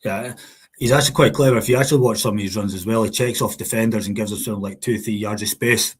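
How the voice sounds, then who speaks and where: A man co-hosting a football podcast, talking quickly with lots of "you know what I mean". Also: on the low side, steady tone, husky. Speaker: podcast co-host. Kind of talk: casual football podcast chat.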